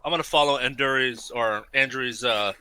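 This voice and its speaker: A man's voice: mid-range voice, moderate pace, crowd noise. A man playing a tabletop game, declaring his actions and restarting sentences as he goes. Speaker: player. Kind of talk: casual tabletop play.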